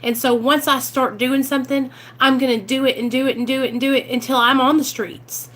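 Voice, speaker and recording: Southern woman, high voice, heartfelt vlog talk, near tears at times, recorded in a car. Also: flat delivery, brisk, a bit bright. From Arkansas. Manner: earnest, emotional, sometimes near tears. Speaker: recovery vlogger. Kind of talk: heartfelt casual talk to viewers.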